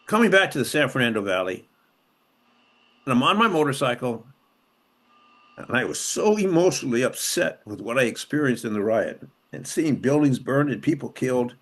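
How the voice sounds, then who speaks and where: With a mid-range, somewhat bright, sing-song voice, this former LA cop and city councilman, now an older man, recounts his story conversationally at a moderate pace. The telling is deeply emotional and emphatically repetitive, with sharp rises and falls in his voice.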